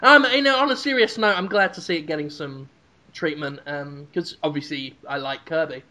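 A man's voice: on the high side, normal speed, sharp tone. A man co-hosting a casual podcast, spinning absurd, gleeful comedy riffs and laughing often. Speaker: podcast co-host.

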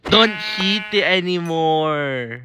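A comedy narrator scolds over gameplay in a very slow, drawn-out voice, saying the same warnings again and again. A faint hiss runs underneath. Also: mid-range voice, lively intonation.

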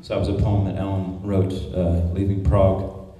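A man's voice: sits low, level tone, moderate pace, warm tone, muffled recording. A man reading poetry aloud at a conference, in a declamatory, incantatory recitation with repeated refrains. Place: conference hall. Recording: echoey hall, mic at a distance.

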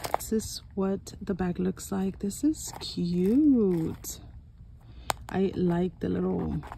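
A woman chatting through an unboxing haul at home, excitable and chatty, gasping and exclaiming over each item. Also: lowish voice, gravelly, noisy background. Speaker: haul vlogger. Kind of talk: casual unboxing chat. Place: home room.

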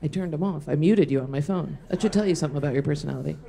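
A woman's voice: sits low, vocal fry, mellow. A woman co-hosting a comedy podcast, teasing her partner and telling stories in casual banter. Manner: teasing, storytelling, quick to laugh.

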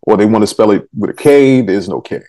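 A man's voice: lowish voice, warm tone. A male talk show host, chatting playfully with his guest and joking along. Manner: chatty, playful, quick asides and jokes. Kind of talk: casual interview chat.

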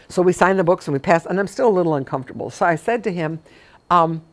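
A woman's voice: lowish voice, expressive, fast. A middle-aged woman, a memory care consultant, talking informally to caregivers as a chatty storyteller with emphatic repetitions.

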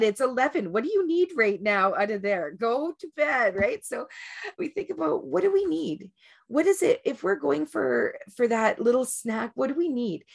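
A woman's voice: high voice, big pitch swings, moderate pace, creaky, husky. Lady coaching a group on habits, chatty, restarts a lot, keeps saying right?. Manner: rambling, with many restarts and "right?" check-ins. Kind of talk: casual group talk before a meditation.

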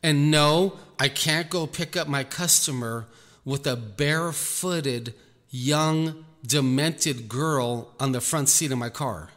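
A man, a Christian minister, telling a personal testimony in an earnest, halting way, repeating words as he goes. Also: on the high side, fairly bright tone. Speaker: Christian minister recounting an experience. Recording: echoey room, faint music behind.

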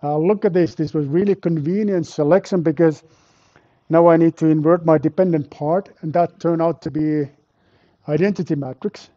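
A man's voice: fairly high pitch, fairly even intonation, normal speed, mellow, muffled recording. A man lecturing a university class live, explaining step by step and quizzing and teasing his students. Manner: quizzes students and teases them. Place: lecture hall with a live audience.

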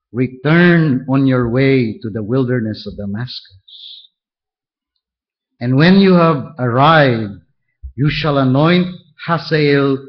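A man preaching a verse-by-verse sermon, reading scripture aloud and pointing out each step with deliberate care. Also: mid-range voice, lo-fi sound. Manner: slow, deliberate, walks through verses point by point. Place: church.

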